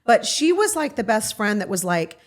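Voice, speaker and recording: A middle-aged woman telling rambling, animated anecdotes as a guest in a casual interview. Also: medium pitch, moderate pace. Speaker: guest, talent manager.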